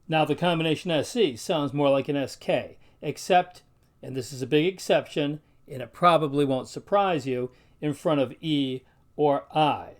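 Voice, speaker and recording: Man carefully sounding out Latin words. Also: fairly high pitch. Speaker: Latin teacher. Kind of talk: instructional video narration.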